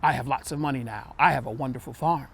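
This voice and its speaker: A man voicing a greedy, mean old farmer in a told folktale, speaking in a gruff, scolding way. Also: medium pitch, fast, fairly bright tone. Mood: angry.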